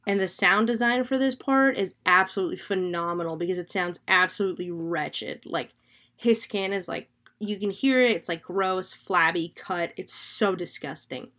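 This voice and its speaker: A woman podcast host casually recapping a horror film, chatty and animated, with lots of filler words and free swearing. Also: lowish voice, moderate pace.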